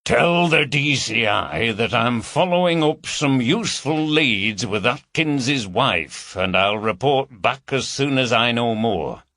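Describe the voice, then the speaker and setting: A man voicing a shrewd police inspector, brisk and measured. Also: mid-range voice, expressive, pushed and bright, no echo, clean studio sound, exaggerated voice.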